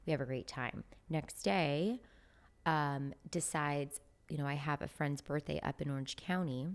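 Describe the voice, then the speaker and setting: A woman with a low-pitched voice recounts a dating story on a podcast. She talks in a chatty way, dropping "like" often and slipping into the voices of people she quotes. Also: unhurried. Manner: chatty, frequent "like" fillers, acts out quoted dialogue. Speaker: podcast guest. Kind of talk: casual chat, storytelling.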